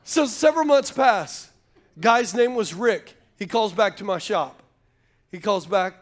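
A man's voice: high-pitched, animated, unhurried. A man preaching a sermon, telling folksy stories and calling out to the congregation. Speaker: pastor.

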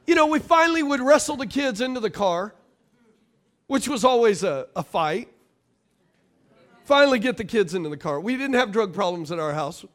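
Preaching to his congregation, this middle-aged pastor calls out to the crowd, his very high voice rising and falling between loud and soft. His intonation is lively and his pace moderate.

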